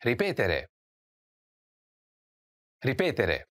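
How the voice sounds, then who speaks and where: Slow, lively woman teaching vocabulary. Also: extremely low pitch. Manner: slow, clear drill prompts with repeated words. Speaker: language teacher. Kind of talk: scripted language lesson narration.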